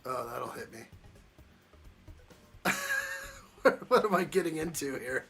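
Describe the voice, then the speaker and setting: A man's voice: medium pitch, lively intonation, brisk, a bit bright, faint music behind. A man hosting a live building stream, chatting casually and jokingly with viewers as he reacts to the chat. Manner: jokey, chuckling, reacts to chat.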